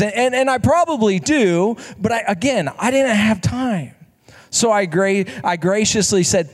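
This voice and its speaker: A man with a high voice tells a story as part of a sermon, in a chatty way full of restarts and asides to the listeners. His words ring out with the long reverb of a large hall. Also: lively intonation, unhurried. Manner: conversational, self-correcting, rhetorical asides.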